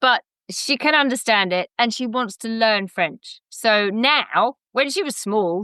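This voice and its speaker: Bright London woman, chatty and reflective. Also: on the high side, unhurried, hardly any pauses, smooth, no echo. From England. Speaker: guest, education center founder. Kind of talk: casual podcast interview.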